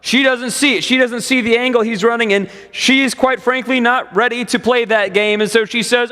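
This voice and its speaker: A male preacher tells a story from the pulpit, stacking repeated phrases for dramatic build. His voice sits high for a man. A long church-hall reverb trails his words. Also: steady tone, moderate pace, hardly any pauses, pushed and bright. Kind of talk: sermon storytelling. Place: church sanctuary.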